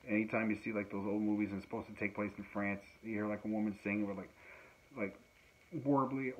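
A man, a musician, chatting casually and rambling with many fillers and laughs, recorded at home. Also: on the low side. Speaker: musician and podcast host. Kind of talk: casual chat. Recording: dull lo-fi sound with faint noise.

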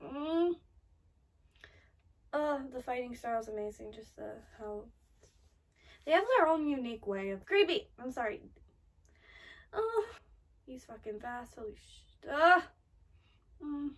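A high-voiced woman reacts to an anime episode as she watches it, excitable and fretful, swinging between gasps, swearing and cheering. She sits a little back from the mic, so her voice sounds slightly distant. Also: measured pace, long pauses. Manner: excitable, gasps and frets aloud, swears often. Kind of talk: live anime reaction commentary.

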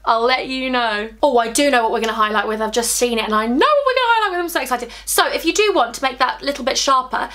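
Bubbly young beauty vlogger. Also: female voice, fairly high pitch. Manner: bubbly, excitable and candid, chatting to viewers. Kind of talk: chatty makeup tutorial.

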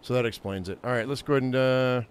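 A man's voice: medium pitch, fast, a little hiss or hum. A man hosting a gaming channel, talking to himself through a survival game in a casual way and getting easily frustrated and swearing. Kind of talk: casual gameplay commentary.

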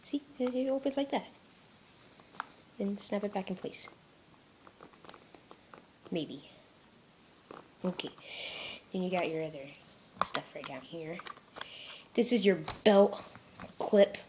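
A woman's voice: mid-range voice, slow pace, long pauses, a little mellow, slight background noise. A young woman casually narrating an unboxing, rambling and self-mocking, often dropping into mutters and whispers. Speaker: product unboxing vlogger.

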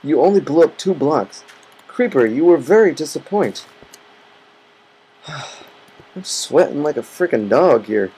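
Goofy rambling man, very lively pitch. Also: slow pace, long pauses, husky, poor audio. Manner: rambling, goofy, talks to himself. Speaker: Minecraft let's player. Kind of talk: casual gameplay commentary. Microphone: computer's built-in mic, not headset. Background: computer fan hum.

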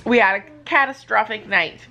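A woman's voice: mid-range voice, moderate pace, vocal fry, pushed and bright, highs cut off. An older woman, a grandmother, chatting casually in a family vlog from a bed in her living room, playfully coaxing her grandchildren.

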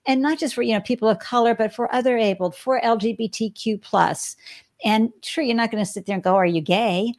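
A woman's voice: fairly high pitch, a little fast, darkish tone. A woman hosting a podcast interview, chatty and speaking straight to her listeners. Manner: chatty, addresses listeners directly. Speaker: podcast host. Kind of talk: casual interview. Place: Boston.

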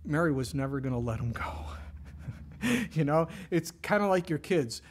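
A middle-aged pastor delivers a sermon conversationally, at a moderate pace and a fairly high pitch. He tells the story with lively emphasis, dropping to a whisper for quoted words.

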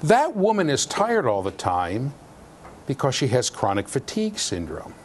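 A man giving a university lecture in an animated, jokey way, with sudden loud outbursts. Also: mid-range voice, moderate pace, a little hiss or hum. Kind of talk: classroom lecture. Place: lecture hall.

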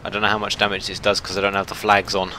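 A man giving chatty, self-mocking let's play commentary, shouting orders at his ships when excited. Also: lowish voice, very fast, a little hiss or hum. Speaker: gameplay commentator.

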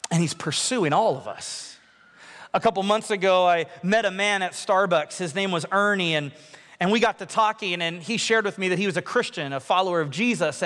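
A young adult man, a pastor, preaching a sermon in a large church, telling stories with lively asides and quoted voices. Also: sits high, in a large hall. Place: large church worship center.

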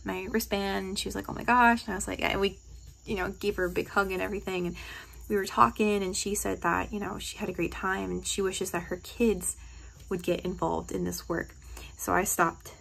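A woman's voice: mid-range voice, little pitch movement, a little fast, gravelly, a bit bright, slight background noise, rough recording. A woman from New Jersey talking casually into her phone for a vlog, telling stories in a gushing, emotional way. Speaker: vlogger. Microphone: phone held close.

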